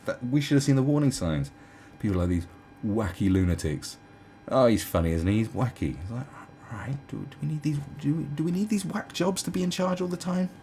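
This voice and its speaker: Indoors at home, a commentary channel host in his twenties or thirties rants about politicians in a casual, sarcastic, profane monologue, slipping into mocking impressions. His voice is on the high side, expressive and mellow, and he talks briskly over a little hiss or hum.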